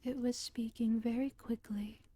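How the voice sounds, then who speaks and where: A woman storyteller reading a book aloud in a whispered role-play, with a slow and gentle whisper into a close microphone. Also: fairly high pitch, steady tone.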